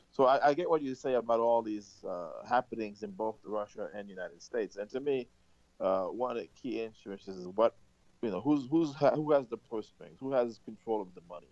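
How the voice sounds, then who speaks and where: Low-voiced halting male guest. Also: no room sound. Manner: halting, many fillers. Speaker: guest commentator. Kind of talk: conversational commentary. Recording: dull lo-fi line.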